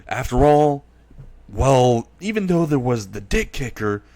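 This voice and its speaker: A man voicing a cranky male park manager who scolds and shouts at his workers. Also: mid-range voice, sing-song, measured pace, no echo. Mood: flustered.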